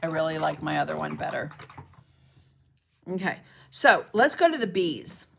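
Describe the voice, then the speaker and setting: A mixed media art instructor demonstrates painting on a live stream, her low, sing-song voice at normal speed with vocal fry and a bit of brightness, plus slight background noise. She chats with viewers while she works, checks in with "okay?", and greets and thanks commenters mid-demo.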